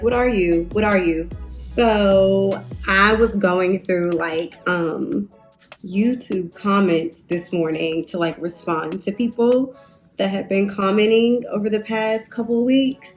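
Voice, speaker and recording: A woman's voice: medium pitch, a little slow, faint music behind. A young woman chatting casually to camera while doing her hair, rambling with fillers and asides. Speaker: beauty vlogger.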